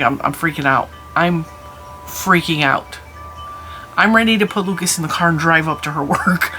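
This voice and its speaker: Woman, middle-aged, crafting vlog host, candid rambling chat, bright tone, at home. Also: deep voice.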